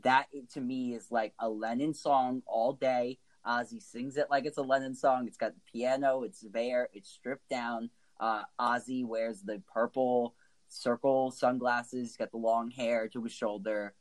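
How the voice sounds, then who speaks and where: A man's voice: medium pitch, steady tone, a little slow, low-quality recording. A man co-hosting a casual music chat, talking enthusiastically and emotionally, with lots of likes and ums. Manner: enthusiastic, emotional, many fillers. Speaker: podcast co-host.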